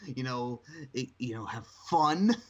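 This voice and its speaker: Animated swearing man, podcast co-host. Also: measured pace. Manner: animated, swearing, jumps into shrill mocking impressions. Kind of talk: casual chat.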